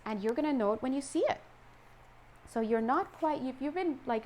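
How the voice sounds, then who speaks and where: Brief: woman tarot reader, lively and chatty, slips into voices for the people she quotes, faint noise behind her. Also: sits high, normal speed, poor audio. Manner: animated, acts out quoted voices. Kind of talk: casual tarot reading.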